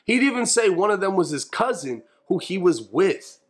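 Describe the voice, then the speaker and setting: A man giving a measured, matter-of-fact scripted narration for an investigative video. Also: high-pitched, sing-song.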